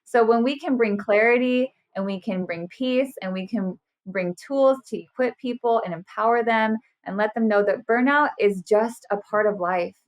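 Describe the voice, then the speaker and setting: Speaking a little high at a moderate pace with hardly any pauses, a woman in her thirties appears as a podcast guest in a casual interview. As a burnout specialist, she talks earnestly and with animation, voicing quotes theatrically.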